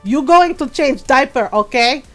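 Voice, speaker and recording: A woman's voice: high-pitched, lively intonation, unhurried, fairly bright tone, faint music behind. A woman mimicking a blunt scolding older mom. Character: strict older mother, scolding in broken English.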